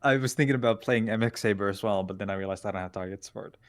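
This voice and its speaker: A young man with a fairly low voice, co-hosting a casual chat. He teases his partner, laughs easily, and swears bluntly. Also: very fast. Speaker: co-host. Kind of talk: casual chat about a card game.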